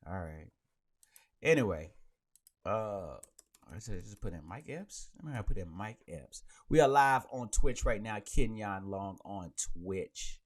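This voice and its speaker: A man's voice: on the low side, unhurried. A man hosting a podcast live, chatting casually and rambling, speaking into a handheld mic. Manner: animated and rambling, with many restarts. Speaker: podcast host. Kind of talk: casual chat on a live stream.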